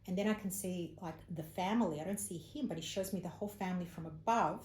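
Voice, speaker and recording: An Australian woman with a lowish, mellow voice recounts a personal experience as an interview guest, slipping into the voices of the people she quotes. The room is echoey, with a faint hum of background noise. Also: fast talker. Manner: animated storyteller, acts out quoted speech. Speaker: psychic medium, interview guest. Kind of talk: casual storytelling interview.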